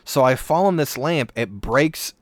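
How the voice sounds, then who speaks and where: A young man telling a childhood story in a casual chat, animated and self-mocking, with quick asides. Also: medium pitch, no echo.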